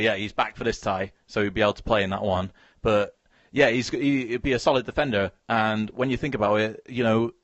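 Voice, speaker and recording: Hesitant man, low voice. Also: no echo, muffled recording. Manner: halting, restarts words, asks questions. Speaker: podcast host. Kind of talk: casual football chat.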